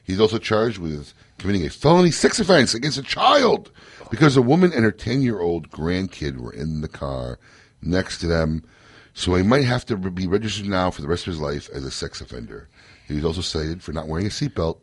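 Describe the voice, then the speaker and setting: A man's voice: low voice, very animated, normal speed, slightly rough, no room sound. A man hosting a casual radio talk show, joking, laughing often and telling stories with energy. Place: radio studio.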